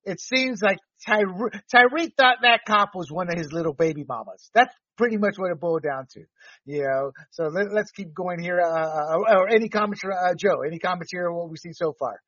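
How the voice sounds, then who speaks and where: A man's voice: sits high, normal speed, bright, forceful tone, no echo, recorded from a distance, muffled recording. A man hosting a casual panel talk, giving blunt opinions and mocking people with put-on voices. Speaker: show host.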